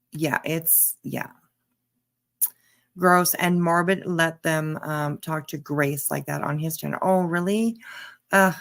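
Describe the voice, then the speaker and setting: A woman's voice: low-pitched, gravelly. A woman reacting to a clip on a live stream, blunt and emphatic, talking straight back at the person on screen. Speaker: commentary streamer.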